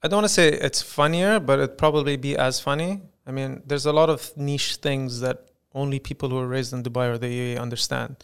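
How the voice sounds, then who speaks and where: A young man from the UAE, a stand-up comedian, chatting on a podcast in a blended Western American accent. His voice is gravelly yet clear and smooth, and his pitch sits in an everyday middle range. He talks in a light, joking way. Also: brisk, few pauses. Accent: mixed Western American. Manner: lively, jokey, tries on accents. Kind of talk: casual podcast interview.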